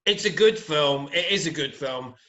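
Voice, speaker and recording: A man with a Glasgow accent, a podcast guest, talking in a relaxed, rambling way with dry asides. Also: fairly high pitch, moderate pace. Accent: Scottish (Glasgow). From Scotland. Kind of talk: casual chat.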